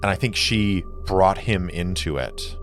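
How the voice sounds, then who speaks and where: A man voicing an earnest young woman who explains plans in quick rushes. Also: low-pitched, fairly bright tone, faint music behind. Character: earnest young woman, niece, plotting ally.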